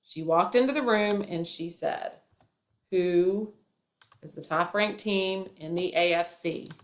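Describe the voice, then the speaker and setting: Lower-pitched woman explaining a lesson. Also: slow. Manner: explaining step by step with playful asides. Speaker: teacher. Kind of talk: classroom grammar lesson.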